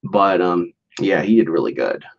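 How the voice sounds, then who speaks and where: A man's voice: deep voice, expressive, moderate pace, vocal fry, muffled recording. A man hosting a casual solo podcast, rambling loosely with lots of fillers, restarts and chuckles. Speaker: podcast host.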